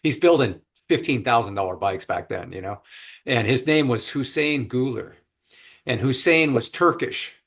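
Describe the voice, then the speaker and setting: Speaking at a normal speed in a mid-range voice with some vocal fry, a male podcast host shares an anecdote in a relaxed remote conversation. He brings the story to life by putting on voices for the people in it.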